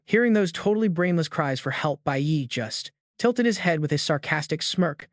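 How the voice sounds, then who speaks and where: A man's voice: fairly high pitch, animated, moderate pace, hardly any pauses, no room sound, studio quality. A man narrating a comic recap in a dramatic, emphatic storytelling manner.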